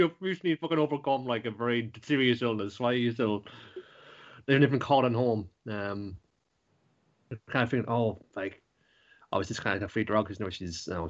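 A young man hosting a podcast, rambling casually through an anime recap with lots of swearing and fillers. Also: mid-range voice. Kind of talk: casual chat. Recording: dull lo-fi recording.

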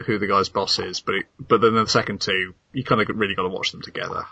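Male podcast host, bright husky voice, wry and informative, dry lo-fi sound. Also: deep voice, steady tone, fast, no room sound. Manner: informative, reads out credits with wry asides. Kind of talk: casual chat reviewing anime.

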